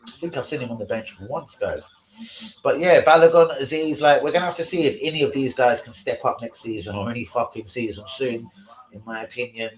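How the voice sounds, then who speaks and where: A man's voice: mid-range voice, fairly quick, roomy sound, poor audio. Sweary man live-streaming football chat. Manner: sweary, excitable, talks to chat.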